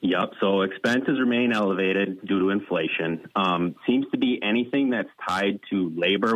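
A man guesting on a farm radio interview as a dairy lending specialist, talking in a measured, businesslike way. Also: sits low, a bit bright, no room sound, poor audio. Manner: plain-spoken, measured, businesslike.

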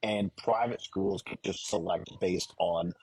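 A man's voice: low-pitched, steady tone, measured pace, a little mellow, a little hiss or hum, poor audio. A man speaking as a guest on a political talk radio show, earnest and explanatory, often restarting his sentences.

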